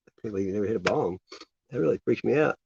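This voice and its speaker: A man chats casually to his viewers, rambling and incredulous, and his pitch jumps around a lot. The recording is dull, with a faint hiss behind him. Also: animated, rapid-fire, vocal fry, darkish tone. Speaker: vlogger. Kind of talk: casual chat.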